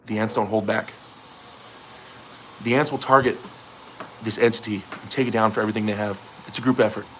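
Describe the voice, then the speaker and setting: A man's voice: lowish voice, a little hiss or hum. Joking man on a garage livestream. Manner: joking, reads out viewer messages. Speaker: livestream host. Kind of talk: casual livestream chat. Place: home garage.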